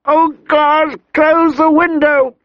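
A man's voice: sing-song, takes it slowly, gravelly, no room sound, exaggerated voice. A man voicing Catelyn, a sobbing frantic mother. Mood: hysterical. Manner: high, trembling, pleading cries. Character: grieving noble mother, distraught and frantic. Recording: dull dry recording.

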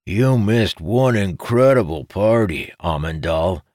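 A man voicing a gossipy, teasing male necromancer in an audiobook, pitched up from his deep voice and slowed. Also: lively intonation, dry recording, clean studio sound, heavily acted. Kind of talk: audiobook character voice.

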